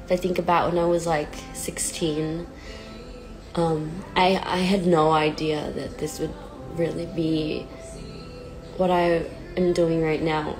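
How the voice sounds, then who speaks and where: Slow, halting young woman on a livestream. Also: sits low, flat delivery, music in the background, poor audio. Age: 20s. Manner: halting and hesitant, self-deprecating, many fillers. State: nervous and near tears. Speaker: pop singer on a livestream. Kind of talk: casual livestream chat. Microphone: phone. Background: sad song playing faintly.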